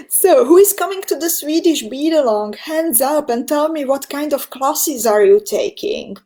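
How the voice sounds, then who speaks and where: Hungarian-accented woman, beading teacher on a live stream, slow and unhurried, chatty and step-by-step. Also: sits high, lively intonation, mellow. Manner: chatty, reads viewer comments aloud, laughs often; step-by-step instruction. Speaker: beading instructor. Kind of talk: live-stream craft tutorial.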